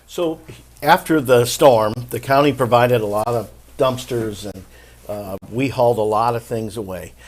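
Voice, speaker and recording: A man's voice: medium pitch, unhurried. A man with an ordinary mid-range voice puts a question to the speaker at a briefing. He speaks with hesitations and fillers.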